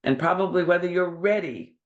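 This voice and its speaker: A woman's voice: lowish voice, a little fast, lo-fi sound. A woman with a New York accent hosting a podcast, chatty and enthusiastic, laughing often. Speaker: podcast host. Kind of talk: casual interview chat.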